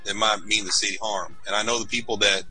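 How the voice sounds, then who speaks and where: A man playing a tabletop game in character, talking in a halting, casual drawl. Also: lowish voice, fairly even intonation, sharp tone, husky, faint music behind, low-quality recording. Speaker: player.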